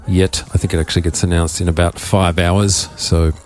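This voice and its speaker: An Australian man hosting a radio show in a studio, chatting casually with a croaky voice and a rambling, offhand manner. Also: low-pitched, flat delivery, moderate pace. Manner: rambling, offhand, self-mocking. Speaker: radio DJ host.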